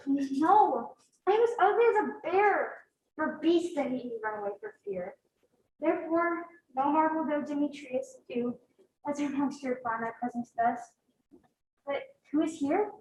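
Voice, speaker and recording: A woman's voice: high voice, slight background noise. A woman acting a desperate, lovesick young woman in an amateur stage Shakespeare play, delivering the verse in a pleading, heightened way. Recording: echoey stage from far off.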